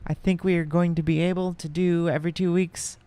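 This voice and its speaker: A man hosting a podcast in casual chat, rambling with many pauses and restarts. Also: on the high side, little pitch movement, dark tone, clean tone, dry recording. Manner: rambling, lots of ums and restarts. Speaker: podcast host.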